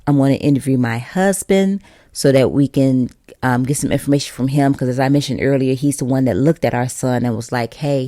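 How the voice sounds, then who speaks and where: A woman's voice: very deep voice, warm tone, no room sound, clean studio sound. A young woman hosting a casual podcast, talking straight to her listeners, chatty and direct. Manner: chatty and direct, addresses listeners as you guys. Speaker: podcast host.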